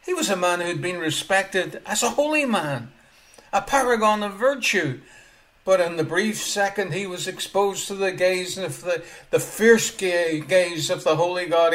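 A man preaching a sermon, swinging between quiet asides and loud exclamations, often chuckling as he speaks. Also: high voice, unhurried.

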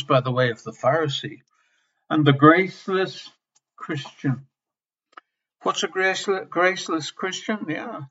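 Male preacher, fairly high and bright voice, slow and impassioned, repeats phrases, lo-fi sermon recording. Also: breathy edge. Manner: impassioned, swinging between loud emphasis and soft near-whispers; repeats key phrases for emphasis. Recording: slightly dull lo-fi sermon recording.

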